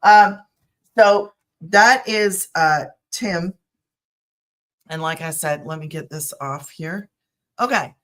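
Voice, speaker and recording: Slow-speaking older woman host. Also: lowish voice. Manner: relaxed and unhurried, with fillers. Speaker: online business host. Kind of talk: casual online presentation.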